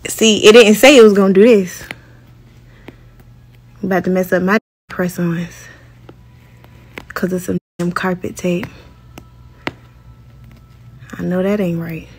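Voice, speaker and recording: A woman's voice: on the low side, steady tone, measured pace, pauses often, darkish tone. A young woman talking frustrated to her viewers in a casual vlog. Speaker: vlogger.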